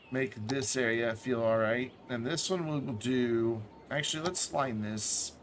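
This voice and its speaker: Slow, musing man streaming a city builder. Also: mid-range voice, background noise. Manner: musing, thinks aloud with small asides. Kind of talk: relaxed gameplay commentary.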